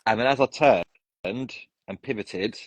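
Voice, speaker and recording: A man's voice: medium pitch, slow, no echo. A man telling his life story as an interview guest, rambling with restarts and tangents. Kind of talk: casual storytelling.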